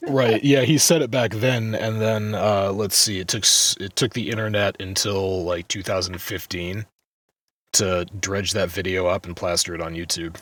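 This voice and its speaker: A man co-hosting a casual gaming podcast, chatty and quick to laugh. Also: deep voice, steady tone, a bit bright, dry recording, distant mic. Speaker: podcast co-host. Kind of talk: casual chat.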